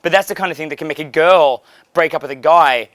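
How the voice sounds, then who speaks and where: A man's voice: fairly high pitch, fast, background noise. A man giving casual, blunt, profane coaching on approaching women, laughing now and then. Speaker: dating coach.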